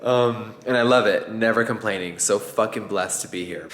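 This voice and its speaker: A man talking casually to camera in a vlog, expressive and swearing freely, slipping into high baby talk with his dogs. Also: slow pace, pauses often, background noise. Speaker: vlogger. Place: home ranch and vet clinic.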